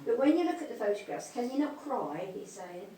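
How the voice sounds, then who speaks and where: A woman's voice: on the high side, very animated, a little fast, dark tone. A woman giving a live mediumship demonstration, speaking tenderly and calling people darling and sweetheart. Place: spiritualist church hall. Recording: echoey hall, distant mic, faint noise.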